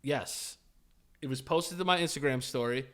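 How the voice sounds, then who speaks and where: Speaking at normal speed in a medium-pitched voice, a podcast co-host from Florida recounts a story casually. He curses a lot and animatedly impersonates the people involved.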